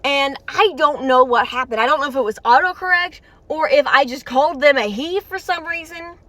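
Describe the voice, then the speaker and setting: Excitable female video host, dry close sound, chatty and rambling, talking from her car. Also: sits high, moderate pace, no room sound. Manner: excitable, chatty, talks straight to viewers with frequent restarts. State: tired and warm. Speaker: video creator reacting to a game story. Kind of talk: rambling reaction commentary to viewers. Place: inside a parked car.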